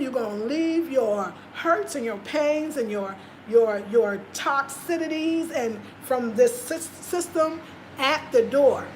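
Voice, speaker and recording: A woman's voice: sits high, a little hiss or hum. A woman vlogger talking casually and passionately, repeating her points for emphasis. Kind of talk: casual live-stream talk.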